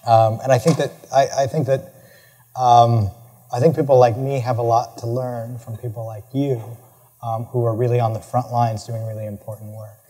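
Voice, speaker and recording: A man's voice: medium pitch, little pitch movement, normal speed, dark tone, breathy edge. A male professor answers audience questions at a lecture. He speaks earnestly, repeating words and adding lots of "right?" tags. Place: large lecture hall. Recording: reverberant lecture hall.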